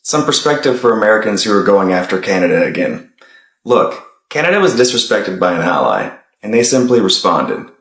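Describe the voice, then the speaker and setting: A man's voice: on the low side, big pitch swings, fairly quick, a bit bright, roomy sound. A man giving firm, lecturing political commentary.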